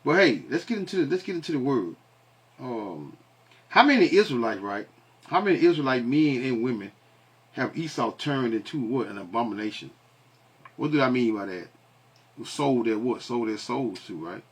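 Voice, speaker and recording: A man's voice: mid-range voice, big pitch swings, moderate pace, slightly rough. A man giving casual commentary that turns into scripture teaching, asking rhetorical questions and answering them himself. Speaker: online commentator and preacher.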